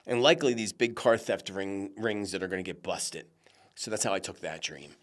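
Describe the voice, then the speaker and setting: Male host, chatty monologue voice, animated, talks straight to his viewers like friends. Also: deep voice, normal speed. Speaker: psychic show host.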